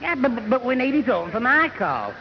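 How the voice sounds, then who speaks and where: A man's voice: very high voice, sing-song, a little fast, gravelly, full character voice. A man playing a dim, flustered young man who stumbles and muddles his words in a 1960s radio comedy. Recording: dull lo-fi 1960s radio recording with hiss.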